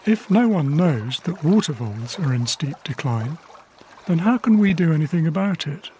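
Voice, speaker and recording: A man, a wildlife cameraman from England, narrating his diary in a quiet, measured, reflective documentary voice. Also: fairly high pitch, sing-song, slight background noise. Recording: faint river ambience behind.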